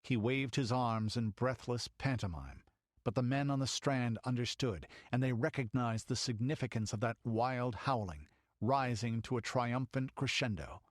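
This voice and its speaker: A man's voice: medium pitch, no room sound, clean studio sound. A man reading an audiobook in dramatic storytelling narration. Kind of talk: scripted narration.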